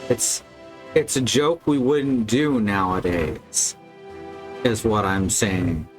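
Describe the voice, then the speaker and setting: A man's voice: fairly low pitch, slow pace, faint music behind. A man streaming a video game live, commenting casually and wryly. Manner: casual, wry, critical.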